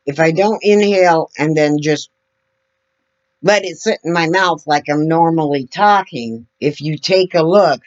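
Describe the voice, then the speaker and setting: A woman talking slowly and earnestly to her camera, demonstrating as she explains, sitting several feet back from her computer mic. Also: low-pitched, a little mellow, dull audio. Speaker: vlogger. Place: indoor room at a computer. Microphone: computer mic several feet away.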